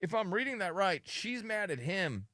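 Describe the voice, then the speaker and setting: A man's voice: sits high, normal speed, no echo, clean studio sound. A man hosting a live radio show, teasing his co-hosts and retelling a caller's clip. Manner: teasing, animated storytelling.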